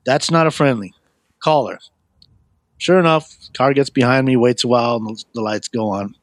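A middle-aged man, a guest, telling his life story in a rambling, animated way, with many fillers and restarts. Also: normal speed, dry recording. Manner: animated, acts out quoted voices with a raised pitch. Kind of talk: personal storytelling.

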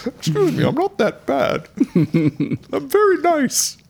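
A man voicing a fussy, prissy talking sphincter in a high, breathy falsetto. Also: wildly swooping pitch, slow pace, a little mellow, exaggerated voice.

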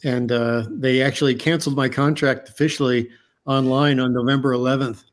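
A man talks as an interview guest, earnest and halting, stopping to restart his sentences. His voice sits in an ordinary middle pitch. He sounds like he is calling in from home. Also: steady tone. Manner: earnest storyteller, many restarts and fillers. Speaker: guest, underwater diver and cameraman. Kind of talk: casual interview talk.

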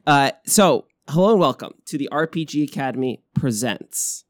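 A man's voice: medium pitch, expressive, moderate pace, no room sound. A young man hosting a podcast, chatting casually from a hotel room, laughing often and correcting himself as he goes. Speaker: podcast host. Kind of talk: casual chat.

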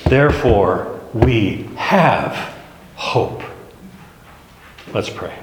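A man leads a Bible class at an unhurried, deliberate pace, talking plainly and poking fun at himself. His voice rings around a reverberant meeting room with a long tail, and a faint hiss sits under the recording. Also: lowish voice, lively intonation. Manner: slow, conversational, self-deprecating. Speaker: Bible study teacher.

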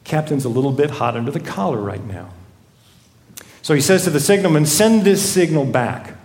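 A man's voice: on the high side, sing-song, brisk, a little mellow. A man preaching a sermon who tells stories and keeps asking rhetorical questions. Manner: storytelling, rhetorical repeated questions. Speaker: pastor. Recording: echoey room.

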